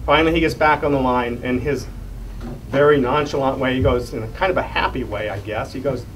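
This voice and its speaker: A man's voice: mid-range voice, fairly quick. Earnest middle-aged man giving a stump speech. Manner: earnest, emotional storytelling, chuckles at himself. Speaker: congressional candidate. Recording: distant mic, faint room noise.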